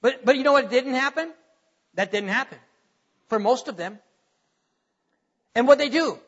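A man's voice: very high voice, normal speed, husky. A man preaching as pastor of a church, earnest and repeating his words as he questions the congregation. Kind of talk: sermon. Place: church sanctuary. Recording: dull, muffled recording with long hall echo.

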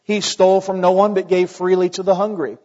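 High-voiced preacher in an echoey hall. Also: male voice, flat delivery, brisk, highs cut off. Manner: preaching with dramatic rises and hushed, low-voiced quotations. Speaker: pastor. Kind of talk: sermon.

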